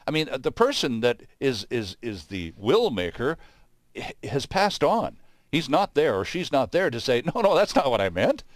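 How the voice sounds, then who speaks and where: A man's voice: mid-range voice, no room sound. A man hosting a legal talk show, asking probing questions and summing up at length. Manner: probing questions, wordy summaries.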